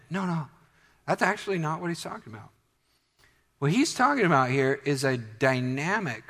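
A man's voice: fairly high pitch, a bit bright. A man preaching a sermon in a conversational way that builds to emphatic declarations. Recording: long hall reverb.

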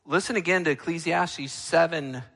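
A male pastor preaching a sermon, emphatic, moving between loud, ringing lines and quiet, low ones. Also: normal speed, big-room sound.

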